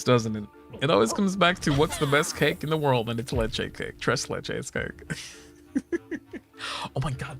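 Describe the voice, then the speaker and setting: Young male streamer, late twenties, loose and jokey, animated ups and downs, soft game music underneath. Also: on the high side, vocal fry. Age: 20s. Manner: playful, joking, laughs often, swears casually. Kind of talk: casual gaming stream chat.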